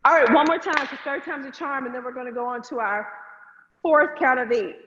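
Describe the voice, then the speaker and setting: A woman's voice: high-pitched, fairly quick, a bit bright. A woman teaching an online hip hop dance class, upbeat and counting beats aloud. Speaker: dance instructor. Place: room, virtual class. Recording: echoey, dull lo-fi sound with faint noise.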